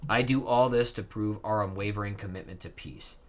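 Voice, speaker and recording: A man reading out a stern, remorseful giant king from a comic, speaking slowly and solemnly. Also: on the low side, lightly acted.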